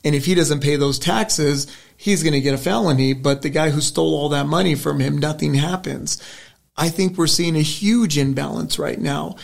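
A man's voice: fairly high pitch, moderate pace, gravelly. A middle-aged man, a political candidate, answering an interview question in an earnest, rambling storytelling way with frequent restarts. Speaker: state senate candidate.

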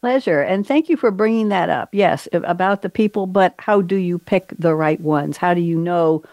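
A woman's voice: lowish voice, normal speed, darkish tone, dry recording. A woman hosting a panel show, chatty and playful, with joking asides. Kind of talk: casual moderated panel talk.

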